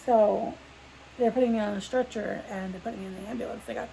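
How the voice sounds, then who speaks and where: A woman's voice: medium pitch, steady tone, quick pace, vocal fry, dark tone, a little hiss or hum, rough recording. A young adult woman telling a personal story in a casual sit-down vlog, rambling with lots of "like" and restarts. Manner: rambling, full of "like" fillers and restarts. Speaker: vlogger.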